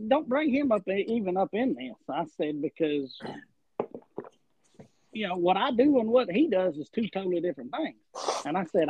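A man's voice: high-pitched, slight background noise. A man, a guest wrestler on a podcast, telling a long story and acting out the quotes as he goes. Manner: animated, rambling storyteller, acts out quotes. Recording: dull lo-fi audio.

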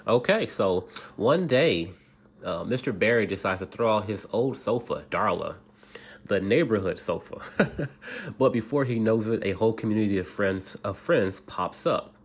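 Low, husky man casually reading a bedtime story. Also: animated. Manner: halting, restarts often, laughs at himself.

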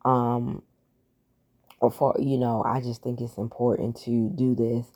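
A woman hosting a solo podcast, talking through her plans in a relaxed, reflective way with lots of fillers and restarts. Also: extremely low pitch, measured pace. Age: adult, has a daughter. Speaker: podcast host. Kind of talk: casual solo podcast talk.

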